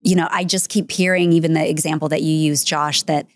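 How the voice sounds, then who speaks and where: A woman in her forties hosting a parenting podcast, speaking in a warm, affirming and reflective way about raising teenagers. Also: sits low, fairly even intonation, brisk, no echo. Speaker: podcast host and mother. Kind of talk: conversational podcast talk.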